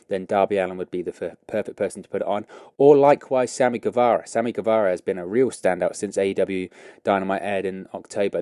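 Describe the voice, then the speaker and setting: Guy chatting his opinions, low mellow voice, dry close mic, kinda rambly with lots of ums. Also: no room sound. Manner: chatty, rambling with fillers and self-corrections. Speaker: wrestling podcast host. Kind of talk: casual opinion commentary.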